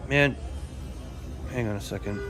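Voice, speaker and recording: A man's voice: lowish voice, a little slow, a bit bright, faint music behind. A man casually live-streaming a role-play game, swearing and joking as he prods the story along. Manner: swears freely, frustrated, joking.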